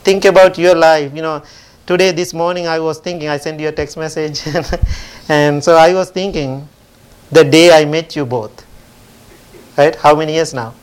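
A man teaching at a temple, telling a parable in a gentle storytelling sermon with simple phrasing. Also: on the high side, fairly even intonation, normal speed, clear, resonant tone.

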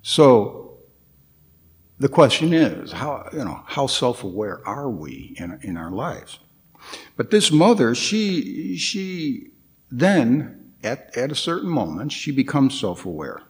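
A man giving a guest dharma talk at a Buddhist temple, speaking reflectively and haltingly, with frequent fillers and restarts, and putting questions to his listeners. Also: medium pitch, very animated. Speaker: guest meditation teacher.

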